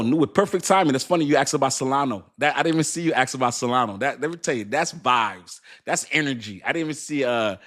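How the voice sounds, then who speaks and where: A middle-aged man hosting a casual crypto livestream, rambling, laughing often and reading viewers' chat messages aloud. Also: medium pitch.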